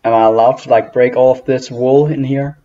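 A man's voice: mid-range voice, fairly even intonation, normal speed, mellow, highs cut off. A man streaming a building game with a friend, chatting casually, joking and laughing often. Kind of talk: casual chat while gaming.

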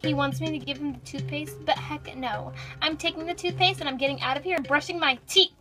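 A snippy, scheming wife pet, played by a girl, with a high voice. She sounds bright over background music in a homemade toy skit. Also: a little fast, close to an everyday voice. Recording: music playing underneath.

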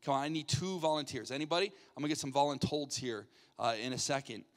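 A man, a pastor, playfully hosting a game from the stage, coaxing people up with quick jokey asides. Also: medium pitch. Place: church sanctuary. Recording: reverberant church hall.

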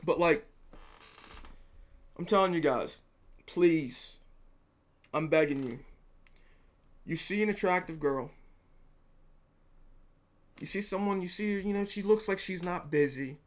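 Young man, slightly high voice, earnest and rambling, swears casually while talking to camera. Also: slow pace, long pauses. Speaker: vlogger giving dating advice.

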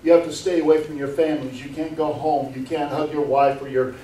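Earnest pastor preaching in echoey church. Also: male voice, on the high side, little pitch movement, a little fast, warm tone. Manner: earnest, many rhetorical questions, repeats words. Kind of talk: sermon. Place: church sanctuary. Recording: echoey room, mic far off.

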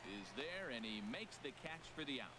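A man calling baseball play-by-play in a steady broadcast delivery. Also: medium pitch, fairly quick. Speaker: play-by-play announcer. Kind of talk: scripted sports play-by-play. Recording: game audio with loud crowd.

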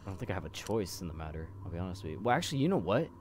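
Young gamer, low voice, yelps and swears through scares, background noise audible. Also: male voice, sing-song, racing, a little mellow. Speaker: gameplay commentator. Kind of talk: horror game let's play commentary.

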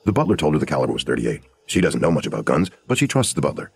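A man narrating a true crime podcast in a brisk, hard-boiled storytelling manner. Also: extremely low pitch, big pitch swings, creaky, husky.

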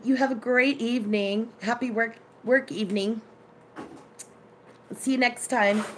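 A chatty woman hosting a relaxed live stream from her kitchen, greeting viewers and telling stories in an easy, conversational way. Her voice sits in a middle register, with a faint hum of room noise behind her. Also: mid-range voice. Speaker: live-stream cooking host. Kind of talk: casual live-stream chat.

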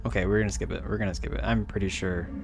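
A man casually commenting while he plays a game on a close desk mic, jumping to high yelps when startled. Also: fairly even intonation, rapid-fire, gravelly. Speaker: gaming streamer. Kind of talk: casual let's-play commentary. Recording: game music underneath.

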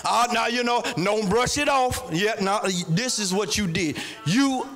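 A man pastor, preaching a sermon in a sing-song chant that climbs into shouts. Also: high voice, normal speed, soft background music.

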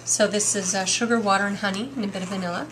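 A woman's voice: medium pitch, fairly even intonation, very fast, fairly bright tone, slight background noise. A woman hosting a casual home cooking video, chatty and enthusiastic as she works in her kitchen.

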